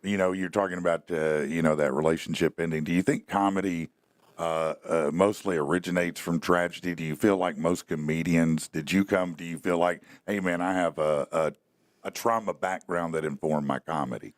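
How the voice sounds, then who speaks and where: A man's voice: low-pitched, fairly even intonation, moderate pace, dry recording, clean studio sound. A middle-aged man hosting a podcast, asking questions in a rambling way with many restarts. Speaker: podcast host. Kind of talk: casual interview chat.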